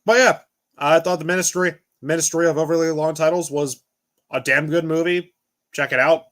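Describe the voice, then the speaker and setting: A man's voice: on the high side, fairly even intonation, normal speed, a bit bright. Man, tired reviewer, slightly raised voice, loose and meandering delivery. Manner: rambling, restarting sentences. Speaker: movie reviewer on a panel. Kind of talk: casual chat.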